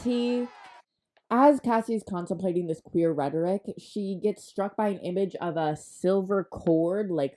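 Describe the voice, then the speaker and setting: Woman, comedic recap, sarcastic, chatty asides, low warm mellow voice. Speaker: book recap vlogger.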